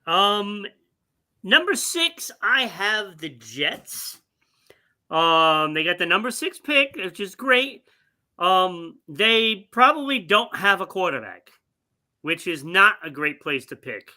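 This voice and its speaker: A man co-hosting a sports talk show, ranking teams in an unhurried way with many pauses. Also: high voice, sharp tone.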